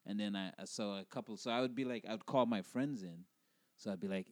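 A man's voice: fairly low pitch, fast talker, dry recording. A man from the Caribbean, an actor and podcast guest, telling anecdotes in casual chat and laughing often as he talks. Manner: laughs often, animated retelling.

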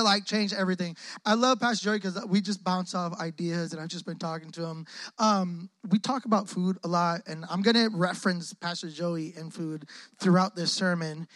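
A young man preaching a lively call-and-response sermon in a church hall, joking often and using lots of casual slang. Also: high-pitched, moderate pace. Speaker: guest preacher. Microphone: close microphone on the speaker.

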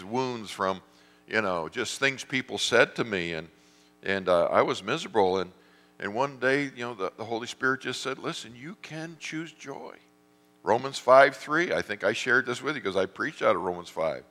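Middle-aged man, pastor, self-deprecating storyteller, low and forceful, long church reverb. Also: expressive, moderate pace. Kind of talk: sermon. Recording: reverberant hall.

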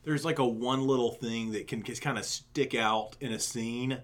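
A man's voice: medium pitch, normal speed. A man co-hosting a casual chat, telling stories with many fillers. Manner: animated storytelling with many "you know"s. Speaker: podcast co-host.

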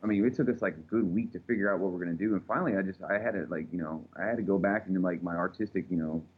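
A man's voice: low voice, very fast, breathy edge. A man, a tattoo artist telling a rambling, profane story in casual chat, recorded with thin phone-like sound.

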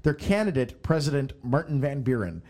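A man's voice: mid-range voice, very animated, a little fast, darkish tone. A man hosting a casual podcast chat, joking around and stumbling as he reads aloud. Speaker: podcast host.

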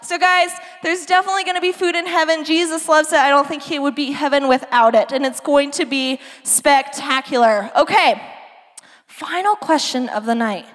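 A woman's voice: high-pitched, normal speed, fairly bright tone. A young woman preaching to a youth group in a bubbly, chatty way, talking straight to the kids. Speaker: youth pastor. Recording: long hall reverb.

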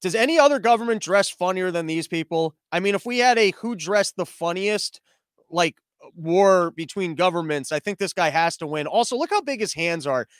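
On a livestreamed comedy podcast, a man riffs sarcastically at a moderate, animated pace, frequently restarting sentences. His high voice is clean and resonant. Though he's in a small room that isn't soundproofed, the recording is dry with almost no room sound.

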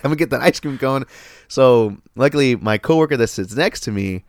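A man telling a story in casual chat, animated and profane, laughing often. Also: mid-range voice, fast talker, no room sound, studio quality.

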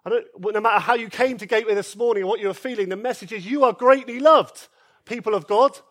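Male pastor, high voice, earnest sermon delivery, builds to loud pleas then drops soft. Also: fast. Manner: earnest and emphatic, repeats key phrases, swings between loud pleas and soft quiet lines. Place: church service.

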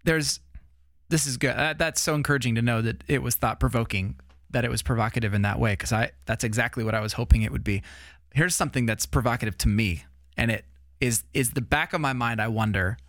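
A man with a mid-range voice talks through ideas out loud on a church podcast. He affirms the others as he goes. The recording is close and dry. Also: mid-range voice, brisk, dry recording. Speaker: pastor and podcast co-host. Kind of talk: casual church podcast discussion.

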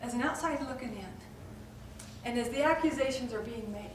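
Impassioned high-voiced woman preacher. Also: a little fast, a little hiss or hum. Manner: impassioned storytelling, swings from loud to whispered. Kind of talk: dramatic sermon to a women's audience. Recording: echoey room from far off.

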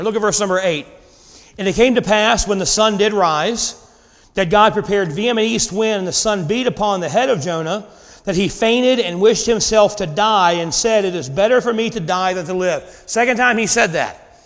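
A man preaching a sermon, reading scripture and paraphrasing it with lively voices. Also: high voice. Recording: long hall reverb.

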